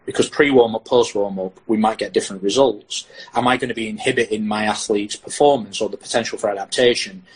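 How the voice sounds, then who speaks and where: A man's voice: on the low side, quick pace, breathy edge, poor audio. A British man, a sports science lecturer, talking through research in a podcast interview and acting out what athletes and coaches say. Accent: British English. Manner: animated, acts out athletes' and coaches' lines.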